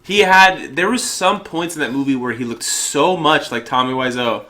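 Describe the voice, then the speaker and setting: A man co-hosting a podcast, sick and coughing, chatting casually about movies with restarts and quick laughs. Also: mid-range voice, very noisy. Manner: rambling, restarts, laughs easily. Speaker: podcast co-host. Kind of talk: casual chat.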